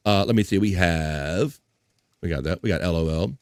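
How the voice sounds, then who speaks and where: A man's voice: deep voice, lively intonation, normal speed, darkish tone, slight background noise. A man hosting a live stream, casually joking and reading news stories and chat comments aloud. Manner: joking, reads chat comments and articles aloud, laughs often.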